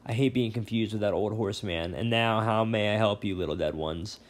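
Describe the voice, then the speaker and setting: A man voicing a smooth, menacing male ferryman of the dead with a put-on British accent, mockingly polite and sly. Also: fairly low pitch, a little fast, close to an everyday voice. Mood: silky menace.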